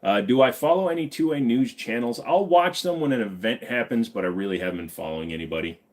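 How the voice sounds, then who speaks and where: A man hosting a casual live stream, reading viewer comments aloud and answering in a relaxed, rambling way full of fillers. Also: mid-range voice, quick pace. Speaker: livestream host. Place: back of a van.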